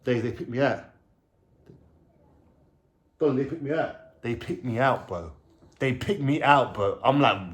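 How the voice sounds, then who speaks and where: A man with a London accent telling a personal story to camera in a casual, animated way, using heavy street slang and frequent swearing. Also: mid-range voice, a little slow, pauses often. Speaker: vlogger telling his life story.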